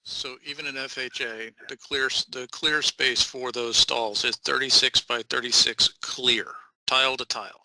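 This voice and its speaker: A man's voice: medium pitch, steady tone, normal speed, hardly any pauses, bright, forceful tone, no room sound, low-quality recording. A man in the audience asking a presenter detailed follow-up questions, restarting his phrasing.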